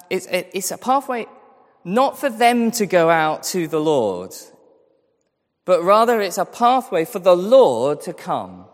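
A pastor preaches a sermon in a reverberant hall, his voice on the high side. He speaks earnestly and repeats phrases for emphasis.

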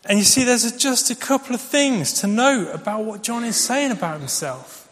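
A man's voice: very high-pitched, lively intonation, normal speed, fairly bright tone. A man preaching a sermon, telling stories in a conversational way with fillers. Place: church. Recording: long reverb of a large church.

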